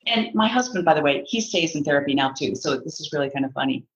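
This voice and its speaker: A middle-aged woman psychotherapist talking as a podcast guest in casual chat, animated and laughing often. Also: deep voice, fast talker, dull audio. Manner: animated, laughs often, acts out inner voices.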